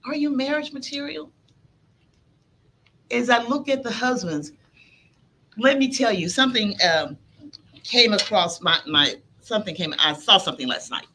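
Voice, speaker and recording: A woman pastor preaching a sermon, telling a story with lively storytelling energy. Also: mid-range voice, normal speed, slight background noise.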